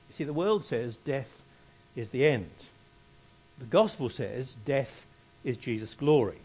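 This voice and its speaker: A man's voice: mid-range voice, measured pace, pauses often, slightly rough. Guy preaching a sermon, voice jumps up and down a lot, keeps repeating stuff for emphasis. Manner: expressive, emphatic, repeats key phrases.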